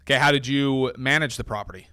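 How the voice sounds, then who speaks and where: A man's voice: medium pitch, fast talker, pushed and bright, clean tone. Brief: male co-host, easygoing and agreeable, asks questions, mid-range voice. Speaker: podcast co-host. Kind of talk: casual podcast chat.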